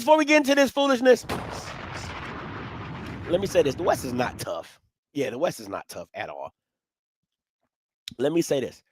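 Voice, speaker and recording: A man hosting a live sports talk stream, swinging from low musing to loud, animated ranting. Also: no echo. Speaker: sports commentary host.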